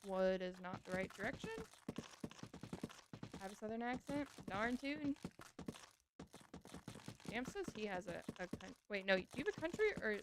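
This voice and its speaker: A woman's voice: medium pitch, lively intonation, brisk, noisy background. A woman streamer chatting casually with her chat while playing a game. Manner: chatty, answering chat as she plays.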